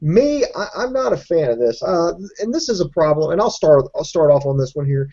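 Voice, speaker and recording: A man's voice: fairly high pitch, very animated, brisk, mellow, highs cut off. A man co-hosting a casual wrestling podcast who rambles and swears with sarcastic asides. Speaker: podcast co-host.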